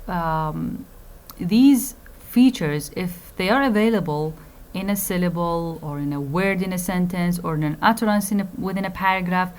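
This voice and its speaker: Slow-paced woman lecturing phonetics. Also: lowish voice, a little mellow, a little hiss or hum. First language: Arabic. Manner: explains slowly with fillers, repeats key phrases, switches to Arabic to clarify. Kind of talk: recorded lecture.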